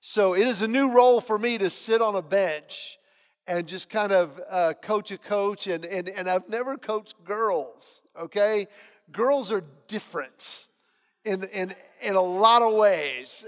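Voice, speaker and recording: A middle-aged man preaching a sermon, telling stories in an animated way and acting out the voices of others. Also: high-pitched. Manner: storytelling, animated, acts out voices in anecdotes. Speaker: pastor. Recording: long hall reverb.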